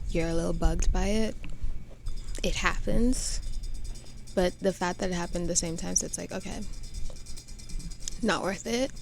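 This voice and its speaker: A woman's voice: lowish voice, gravelly. A woman of twenty venting in a rambling, self-interrupting confessional vlog, tired and drained after crying. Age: 20s. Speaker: vlogger.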